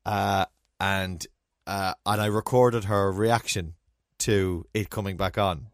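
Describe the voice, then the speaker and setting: A man's voice: deep voice, steady tone, slow, no room sound, clean studio sound. A middle-aged man co-hosting a casual chat, wry and chatty, trailing off into fillers. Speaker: podcast co-host.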